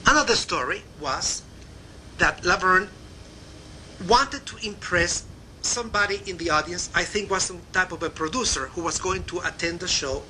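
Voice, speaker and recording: Warm older Cuban storyteller, bright voice. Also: male voice, sits high, normal speed, a little hiss or hum, poor audio. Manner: warm, chatty anecdotal. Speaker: narrator. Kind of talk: memoir storytelling.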